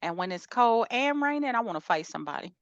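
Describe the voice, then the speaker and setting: A woman's voice: on the high side, animated, fast, no echo, muffled recording. A woman co-hosting a podcast, chatting casually in a laid-back, slangy storytelling way. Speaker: podcast co-host. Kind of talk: casual chat.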